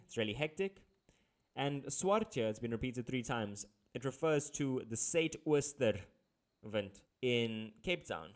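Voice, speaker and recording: A male tutor walks students through a lesson at a mid-range pitch. His delivery is chatty and playful, and he drops jokey asides between points. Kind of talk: casual exam-prep lesson.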